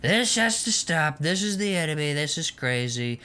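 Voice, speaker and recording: A man putting on a blustering older male politician who makes slow, emphatic, empty threats. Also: fairly high pitch, big pitch swings, pushed and bright, clear, resonant tone.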